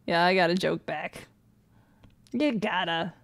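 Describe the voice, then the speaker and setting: A woman's voice: fairly low pitch, a little slow, no room sound. A woman streaming a game, reading jokes and emails aloud with frequent giggles and playful voices. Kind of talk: casual let's play commentary, reading in-game emails aloud.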